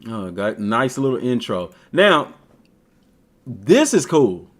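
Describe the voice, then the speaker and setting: A man streaming a video game, giving casual, slangy commentary and talking straight to the team. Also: a little high. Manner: slangy, talks to the team directly, animated. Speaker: gaming streamer.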